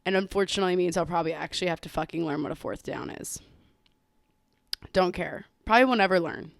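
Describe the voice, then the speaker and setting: A woman's voice: on the low side, steady tone, fast talker, vocal fry, no echo, studio quality. A young woman with a Southern accent hosting her podcast in a casual, giggly, self-mocking chat while sick with covid. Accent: Southern American. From Southern United States. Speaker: podcast host. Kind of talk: casual chatty monologue.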